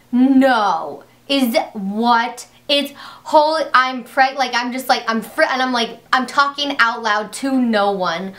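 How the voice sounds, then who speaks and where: Chatty young woman vlogger. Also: medium pitch. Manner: rambling and excitable, full of "like" and restarts. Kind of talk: casual storytelling to camera.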